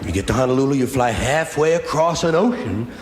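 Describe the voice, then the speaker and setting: A man's voice: medium pitch, lively intonation, fairly quick. A man performing a stand-up routine with a wry, rhythmic delivery built on repeated lines. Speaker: stand-up comedian. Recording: roomy hall recording with hiss.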